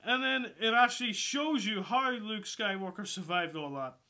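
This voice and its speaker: Male vlogger, casual film review, sweary and excitable, high pitch, sharp tone. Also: moderate pace. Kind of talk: casual movie review vlog.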